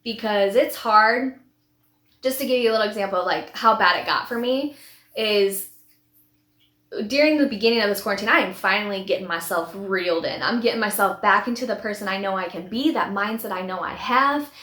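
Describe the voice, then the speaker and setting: A woman's voice: mid-range voice, brisk, a bit bright. A woman in her thirties, a vlogger telling her personal story in a heartfelt, rambling way with many restarts. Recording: echoey room.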